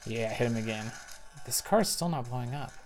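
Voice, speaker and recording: A man giving casual commentary while playing a spy video game, thinking aloud with little excited outbursts. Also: medium pitch, a little fast. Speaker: parent. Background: faint game music.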